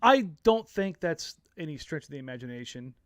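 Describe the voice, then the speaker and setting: A man's voice: on the high side, a little fast, no room sound, studio quality. A man co-hosting a casual sports podcast, telling stories in a blunt, jokey way. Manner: animated storyteller, jokey and blunt. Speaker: podcast co-host.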